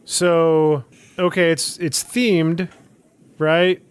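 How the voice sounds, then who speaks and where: This podcast co-host has a fairly high, clear, resonant voice with a flat delivery and a very slow pace. In a casual chat about a tabletop game, he hesitantly walks through the rules, filling gaps with fillers.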